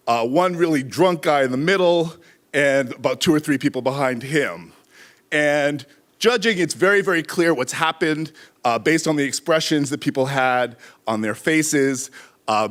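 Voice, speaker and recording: A middle-aged man telling a live story on stage, animated, acting out shouted quotes. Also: on the high side.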